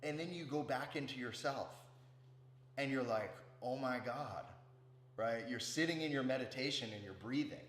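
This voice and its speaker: A man giving a casual, profane spiritual talk as a meditation teacher, often checking in with "right?". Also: mid-range voice. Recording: roomy with faint hum.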